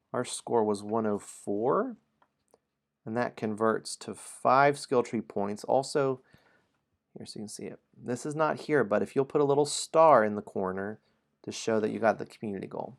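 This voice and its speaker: A man hosting a casual game stream, playfully teasing players and reading the story aloud. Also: mid-range voice. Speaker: game host.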